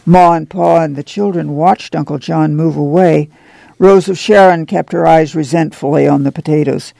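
A man reading a novel aloud for a radio program in plain, even narration at a close studio microphone. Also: fairly high pitch, moderate pace, vocal fry, dry recording, rough recording. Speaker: audiobook reader.

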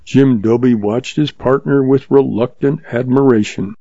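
A man narrating a western story in a steady, measured reading. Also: mid-range voice, no echo. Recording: dull lo-fi sound.

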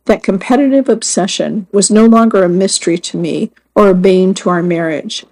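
A woman reading first-person magazine stories aloud as scripted narration, in a measured and earnest way. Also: mid-range voice, darkish tone, low-quality recording. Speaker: magazine story reader.

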